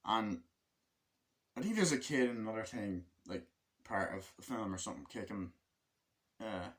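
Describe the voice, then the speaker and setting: A man giving a casual, rambling movie review, acting out scenes in quick voice switches and swearing freely. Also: lowish voice, animated. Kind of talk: casual spoken film review.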